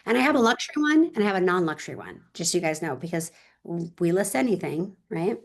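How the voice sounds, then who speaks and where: A woman's voice: fairly low pitch, expressive, fast talker. A woman real estate agent talking in an interview, telling stories with energy and emphasis and speaking straight to her listeners.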